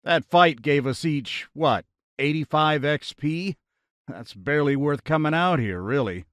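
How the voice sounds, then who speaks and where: A man's voice: fairly high pitch, expressive, a little slow, a bit bright, no room sound, studio quality. A man playing a big, easygoing warrior. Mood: musing. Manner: casual, musing. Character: big confident male warrior, casual.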